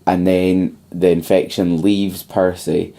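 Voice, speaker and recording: A man's voice: sits low, flat delivery, slow, gravelly, mellow. A young man co-hosting a casual podcast, retelling a film plot at length with lots of ums. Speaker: podcast co-host.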